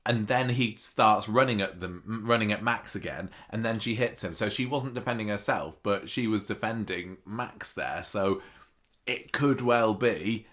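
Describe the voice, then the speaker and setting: A man's voice: fairly low pitch, measured pace. A man co-hosting a podcast, chatting casually and teasing his co-host. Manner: animated, teasing banter. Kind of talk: casual chat recapping a soap.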